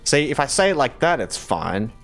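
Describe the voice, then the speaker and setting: A man's voice: mid-range voice, big pitch swings, normal speed, fairly bright tone, faint music behind. A man with an Australian accent chatting casually while streaming a game, playful and laughing often as he talks with viewers.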